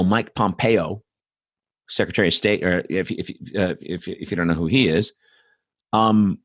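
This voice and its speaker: Blunt, low-voiced man ranting. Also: no room sound, clean studio sound. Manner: blunt, profane, rambling with asides and mocking quotes. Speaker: host. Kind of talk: political commentary monologue.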